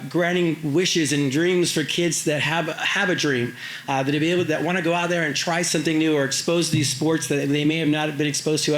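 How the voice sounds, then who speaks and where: A man, an Olympic champion, giving halting, emotional remarks at a public event, with many fillers and restarts. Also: fairly high pitch, slight background noise. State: choked up with emotion. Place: airport event space. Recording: echoey event hall.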